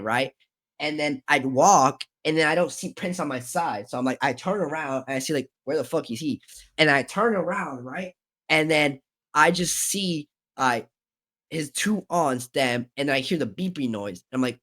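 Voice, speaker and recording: A man's voice: a little high, fairly quick, a bit bright. A young man telling a long story to camera in a casual, rambling way, full of filler words. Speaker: vlogger telling a concert story.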